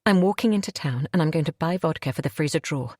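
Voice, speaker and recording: A woman's voice: low voice, expressive, fast, a little mellow, no room sound, clean studio sound. A woman reading a thriller audiobook in first person, with intense, guilt-laden storytelling. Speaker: audiobook narrator. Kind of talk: scripted first-person narration.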